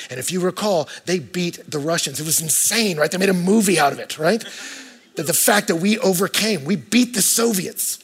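American guy preaching in church, husky voice, pitched kinda high, chatty then loud. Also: lively intonation, moderate pace. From United States. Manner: conversational preaching with swings from hushed to loud. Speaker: pastor. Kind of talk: sermon.

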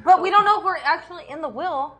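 A woman playing in a comedic tabletop game, excitable and quick to protest. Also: extremely high pitch, over music. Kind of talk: tabletop role-play.

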